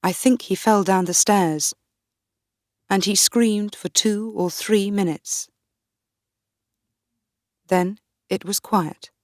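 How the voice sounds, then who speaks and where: A woman narrating a graded reader for learners in a slow, deliberate, clear reading. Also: medium pitch, dry recording, clean studio sound. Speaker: audiobook narrator.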